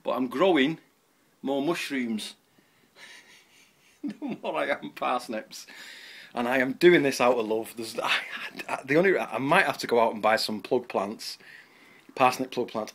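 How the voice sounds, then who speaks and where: A man's voice: mid-range voice, a little slow, a bit bright, no echo. A man giving a chatty, rambling, self-mocking tour of his allotment, recorded outdoors on a camera mic. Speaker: allotment vlogger. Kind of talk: casual garden tour.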